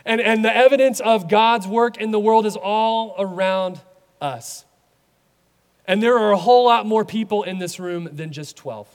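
High-voiced male pastor preaching. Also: normal speed, smooth, in a large hall. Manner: animated, acts out voices in his retellings. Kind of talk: sermon.

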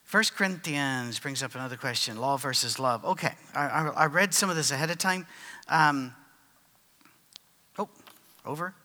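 Man, preacher, chatty sermon with restarts, bright tone, echoing hall. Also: medium pitch, moderate pace, long pauses. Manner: conversational, storytelling, with fillers and restarts. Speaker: preacher answering written questions. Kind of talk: sermon with questions and answers.

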